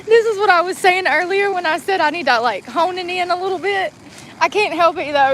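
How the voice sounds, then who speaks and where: A woman's voice: very high-pitched, animated, quick pace, fairly bright tone, slight background noise, poor audio. A woman in her forties chatting casually while driving, rambling and laughing through her words. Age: 40s. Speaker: vlogger. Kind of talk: casual chat.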